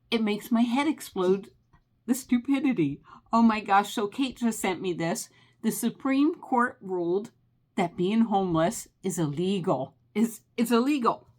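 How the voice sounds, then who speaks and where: A woman's voice: mid-range voice, lively intonation, unhurried, darkish tone. An American woman ranting in a casual vlog, exasperated and emphatic, often restarting her sentences. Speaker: travel vlogger.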